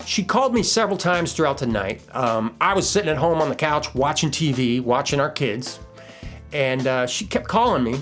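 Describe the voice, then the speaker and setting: A middle-aged man hosting a podcast, casually walking through a recipe and telling a story in a relaxed, folksy way with filler words. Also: a little high, normal speed, faint music behind. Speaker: podcast host.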